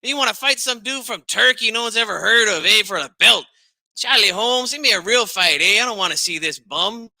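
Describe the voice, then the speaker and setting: A man's voice: sits high, lively intonation, fairly quick, vocal fry, sharp tone, dry recording, exaggerated voice. A man doing a comedic impression of a brash, combative older Chicano boxing dad, with a Chicano English accent, who ends nearly every line with "eh?" and "Holmes.". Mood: indignant. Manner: indignant, trash-talking.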